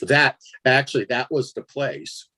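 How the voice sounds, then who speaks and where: A man telling a strange personal story in a casual interview, animated and laughing as he acts out his own reactions. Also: medium pitch, measured pace, a little hiss or hum. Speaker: guest storyteller.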